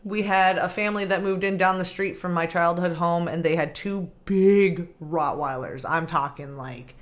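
A woman hosting a podcast who tells a story in a casual, animated way and acts out what other people said. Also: lowish voice, normal speed. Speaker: podcast host.

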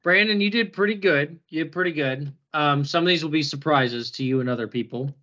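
A man's voice: fairly high pitch, fairly quick, sharp tone, muffled recording. A man hosting a podcast in casual chat, joking and laughing often as he talks. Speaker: podcast host.

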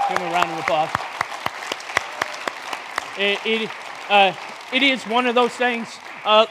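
A man in his forties, a guest preacher, giving a sermon with lively joking banter with the congregation. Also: high voice, in a large hall. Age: 40s. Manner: joking, energetic crowd banter. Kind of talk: sermon with audience interaction. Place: church hall.

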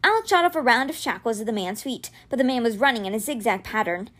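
A woman reading a children's fantasy novel aloud, narrating expressively. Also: fast. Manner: expressive, voices dialogue with raised pitch. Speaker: reader.

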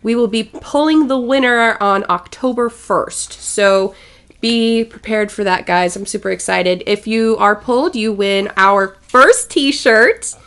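A woman co-hosting a casual podcast, giggly and excitable. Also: fairly high pitch, measured pace, smooth. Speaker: podcast co-host.

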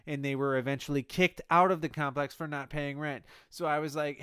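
A man delivering a rambling comic monologue, halting and sheepish, often correcting himself mid-sentence. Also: fairly high pitch, steady tone, a bit bright, clear, resonant tone, dry recording, studio quality. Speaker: comedic monologue host.

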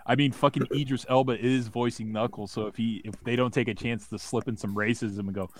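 A man's voice: medium pitch, steady tone, fairly quick. A man in casual chat, cracking crude, sarcastic jokes.

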